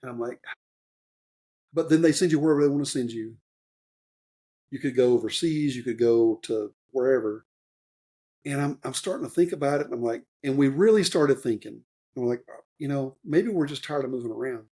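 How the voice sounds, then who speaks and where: A man's voice: medium pitch, brisk, pauses often, warm tone. A man in his fifties, a retired Army warrant officer, telling his story as a podcast guest in a rambling, earnest way, with lots of fillers and restarts. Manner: rambling, loose speech full of fillers and restarts; earnest and openly emotional. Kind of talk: conversational interview storytelling.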